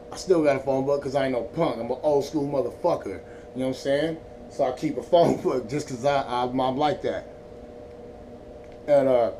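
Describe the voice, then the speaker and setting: A man's voice: medium pitch, mellow. A man from Northern California's Central Valley, stoned, telling a profane, rambling story in a laid-back vlog. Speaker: vlogger. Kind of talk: casual storytelling. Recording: distant mic, faint background noise.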